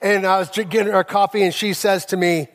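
A male pastor delivering a sermon, telling personal stories with emphasis and slowing down on key phrases. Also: high voice, fairly even intonation. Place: church sanctuary. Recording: long reverb of a church hall.

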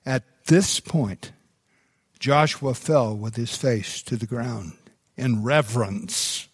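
Slow, unhurried pastor preaching a sermon. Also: male voice, medium pitch, husky, no echo, studio quality. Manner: unhurried storytelling delivery with restarts.

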